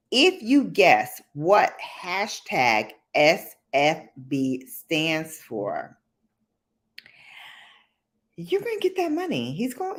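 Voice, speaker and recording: A woman telling casual stories on a livestream. Her pitch swings widely as she laughs and acts out the people she quotes. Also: vocal fry. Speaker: livestream host. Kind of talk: casual storytime chat.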